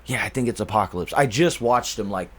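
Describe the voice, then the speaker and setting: A young man co-hosting a podcast in casual chat, excitable and cursing, with quick restarts. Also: fairly low pitch. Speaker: podcast co-host.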